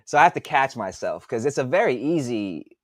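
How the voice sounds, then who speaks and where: Rambling man in his forties, lively pitch. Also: fairly quick, no room sound, clean studio sound. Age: 40s. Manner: rambling, mutters to himself while working on a computer, swears freely. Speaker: author and podcast host. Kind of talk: casual live-stream chat while working.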